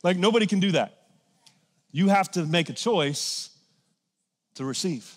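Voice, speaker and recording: At a measured pace, a man with a distinctly high voice preaches energetically and conversationally, moving from hushed asides to sudden shouted emphasis. The sound rings with the long reverb of a large church.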